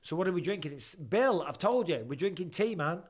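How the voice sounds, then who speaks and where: A man's voice: high-pitched, expressive, brisk. Chatty man streaming fight commentary. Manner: chatty, jokey banter reading viewer questions aloud. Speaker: live stream host. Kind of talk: casual live fight commentary.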